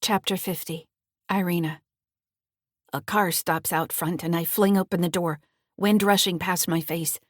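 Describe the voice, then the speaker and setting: A woman author reading her thriller audiobook in a measured, steady first-person narration. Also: fairly low pitch, dry recording, clean studio sound.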